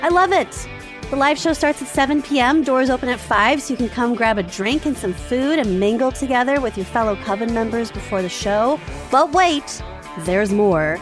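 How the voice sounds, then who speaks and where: A woman's voice: a little high, expressive, moderate pace, over music. A woman from the Midwest co-hosting a podcast, chatting casually and enthusiastically and laughing often. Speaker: podcast co-host. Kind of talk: casual chat.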